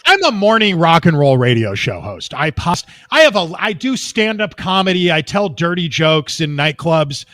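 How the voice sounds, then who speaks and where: A man from Texas, a talk show guest who tells long rambling anecdotes in a casual, animated way over a remote call from a high-rise apartment. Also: moderate pace, hardly any pauses.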